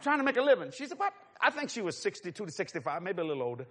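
A man preaching a storytelling sermon, animated and laughing, sometimes dropping to a hush. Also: high voice, rapid-fire, breathy edge. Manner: animated, laughing storyteller with sudden hushed drops.

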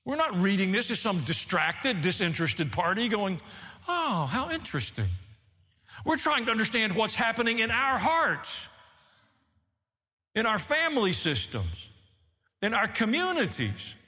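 A man preaching a sermon as pastor, animated, rising and falling as he teaches. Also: high-pitched, normal speed, in a large hall.

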